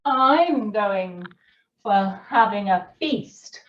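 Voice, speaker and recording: A woman voicing a small, clever male mouse, in a bright and plucky manner. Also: mid-range voice, lively intonation, extremely slow, distant mic, dull audio, voice pushed down.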